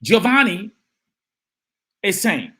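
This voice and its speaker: Husky, animated male live-stream host. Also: sits high, slow. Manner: animated, emphatic, repeats phrases, greets and reads out chat. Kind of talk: live-stream political commentary.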